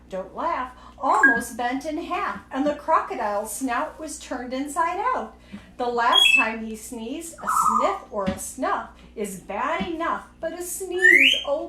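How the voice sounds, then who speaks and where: A woman's voice: on the high side, echoey room, distant mic, heavy background noise. A woman reading a rhyming picture book aloud in a lilting, rhythmic way, at home with a pet parrot. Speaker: storybook reader.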